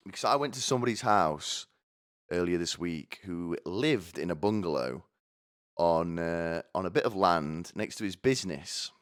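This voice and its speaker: In a deep voice with lively intonation and a normal pace, a man rants by himself on a live stream like a stand-up act. Expect provocation, rambling asides, swearing, and repeated "right?" questions.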